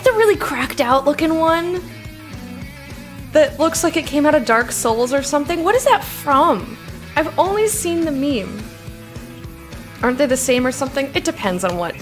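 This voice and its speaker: A woman streaming live, chatting casually and laughing hard and often. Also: high-pitched. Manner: chatty, reads and answers chat.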